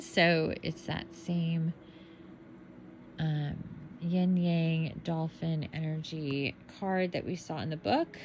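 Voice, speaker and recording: A tired woman talks slowly and drowsily through a card deck at home, her voice sitting a little low. She sounds relaxed and half-asleep, and faint background noise hums under her. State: sleepy, yawning. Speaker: tarot deck reviewer. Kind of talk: casual unboxing commentary.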